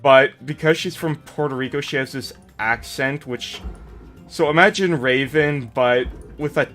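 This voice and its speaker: A man's voice: medium pitch, measured pace, a bit bright, soft background music. A man hosting a stream, chatting casually in a rambling, jokey, self-deprecating way. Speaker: streamer host. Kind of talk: casual chat.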